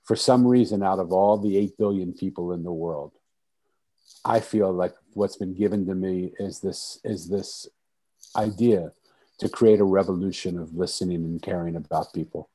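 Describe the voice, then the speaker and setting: Deep, mellow-voiced man telling stories. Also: fairly even intonation, normal speed, poor audio. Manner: earnest, repetitive restarts, soft-spoken. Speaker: podcast guest. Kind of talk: storytelling in conversation.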